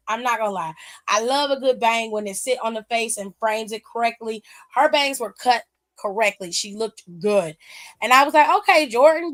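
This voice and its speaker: A woman's voice: on the high side, fairly bright tone. A woman hosting a wrestling aftershow, recapping matches in a blunt, sassy, casual way full of slang.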